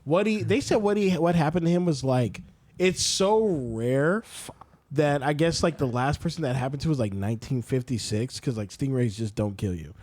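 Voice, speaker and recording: A man's voice: medium pitch, moderate pace. A man co-hosting a podcast, chatting casually and swearing freely, often acting out what he or others said. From San Diego. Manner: animated, profane, mimics others in quoted asides. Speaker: podcast co-host.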